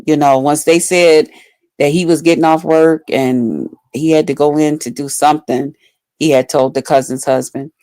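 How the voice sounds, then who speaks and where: Woman, low voice, dark mellow tone, casual blunt storytelling, profane, filler-heavy. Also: steady tone, moderate pace, dry recording. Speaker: vlogger.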